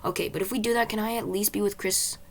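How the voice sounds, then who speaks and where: A timid, clingy young girl, as a woman reader puts her on, pleading in a slightly raised, gravelly voice. The storybook reading has a faint hiss behind it. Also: mid-range voice, steady tone, fast talker, pitched above the performer's own voice, lightly acted.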